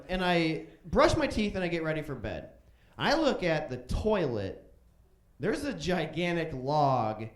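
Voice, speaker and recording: A man in his thirties from Chicago performs stand-up with a fairly high, very lively voice that swoops up and down. He tells crude stories and jumps into loud voices for quotes. The sound echoes around a roomy club stage. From Chicago, USA. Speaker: stand-up comedian. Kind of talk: stand-up comedy storytelling.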